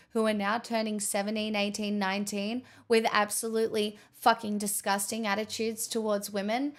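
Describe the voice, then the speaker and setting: A woman streamer giving heated, swearing commentary on news stories. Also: a little high. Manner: angry, swearing, mocking sarcastic.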